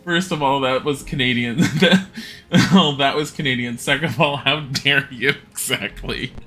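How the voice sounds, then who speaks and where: A man's voice: medium pitch, normal speed, a bit bright. A man streaming a game, chatting casually and muttering commands, and he laughs often. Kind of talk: casual live commentary while gaming.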